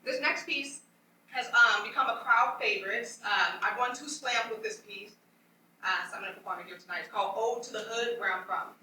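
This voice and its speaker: Spoken-word poet, woman, high bright voice, rhythmic and emphatic, recorded from afar in a very echoey venue. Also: a little fast. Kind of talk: spoken-word poetry performance. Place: event venue at a book release celebration. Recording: very echoey room, voice from far off, faint background noise.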